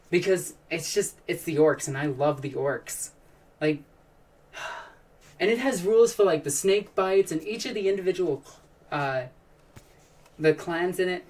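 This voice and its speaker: A woman's voice: fairly low pitch, a little mellow, far from the mic. A woman hosting a casual live stream, chatting and answering questions from chat in a rambling, enthusiastic way, with frequent sighs and restarts.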